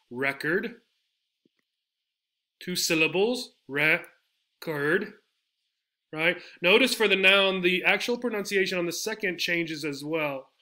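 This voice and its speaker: A man's voice: fairly high pitch, sharp tone. A man teaching an English pronunciation lesson, speaking patiently and repeating each model word several times. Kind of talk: slide-based pronunciation lesson.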